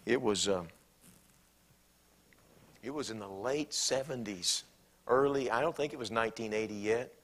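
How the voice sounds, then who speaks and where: Animated preacher man. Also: fairly low pitch, normal speed, pauses often. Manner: animated, acts out quoted speech in bursts. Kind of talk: sermon. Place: church.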